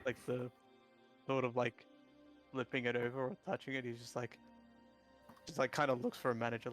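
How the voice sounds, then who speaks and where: A man's voice: mid-range voice, level tone, fairly quick, fairly bright tone, soft background music. A man narrating a tabletop game as dungeon master, rambling with many fillers.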